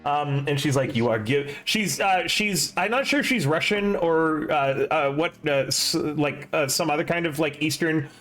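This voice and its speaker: A man's voice: fairly high pitch, moderate pace, few pauses, fairly bright tone. A young man streaming, chatting casually and rambling with self-deprecating asides before running a tabletop game.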